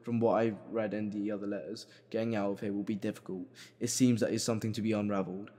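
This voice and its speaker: A man's voice: lowish voice, level tone, fast talker, warm tone. A man commentating a horror game as he plays, reading in-game notes aloud and swearing when startled. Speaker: gameplay commentator.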